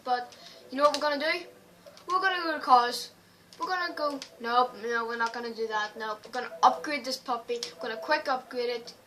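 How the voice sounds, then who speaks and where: A woman giving excitable racing game commentary as a channel host, full of playful trash talk and sudden loud outbursts. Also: on the high side, a little fast. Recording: distant mic with background noise.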